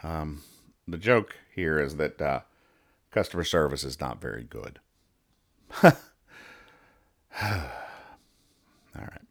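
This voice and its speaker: A man's voice: extremely low pitch, animated, very slow, pauses often, husky. A young adult man hosting a casual podcast where he reads comic strips aloud, rambling and stumbling over his words as he explains each joke. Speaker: podcast host.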